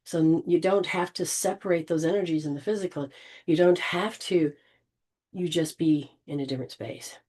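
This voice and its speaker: A woman leading an informal spiritual healing session, gently coaching and often restarting her sentences. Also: lowish voice, normal speed. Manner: rambling, with frequent restarts and throat clearing.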